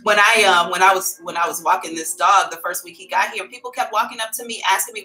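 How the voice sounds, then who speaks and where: A woman's voice: medium pitch, fast, hardly any pauses, sharp tone, rough recording. A middle-aged woman hosting a psychic livestream, chatting candidly and calling her viewers y'all. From America. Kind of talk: casual livestream chat.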